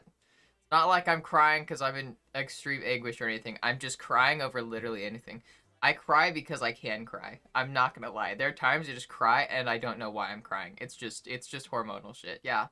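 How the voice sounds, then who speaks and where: A woman's voice: rumbling low, sharp tone. A young woman livestreamer chatting casually with her viewers, emotional and close to tears, swearing freely as she reads chat aloud.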